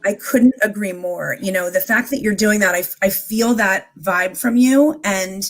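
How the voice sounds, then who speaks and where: Give me a woman guest chatting openly, rambling a bit as she thinks aloud. Her voice sits at an ordinary middle pitch. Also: measured pace. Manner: open, rambling, with many fillers and restarts. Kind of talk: casual conversational chat.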